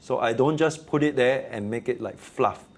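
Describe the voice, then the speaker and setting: A man's voice: medium pitch, normal speed. A man with a Singaporean accent, a teacher telling classroom stories in a casual interview and acting out the quotes. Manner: animated storyteller, acts out quotes.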